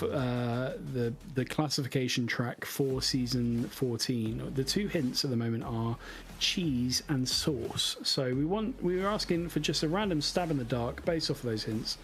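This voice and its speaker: A man's voice: mid-range voice, unhurried, a little hiss or hum. A man hosting a racing livestream, interviewing a driver with chatty, friendly banter. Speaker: stream host, interviewer.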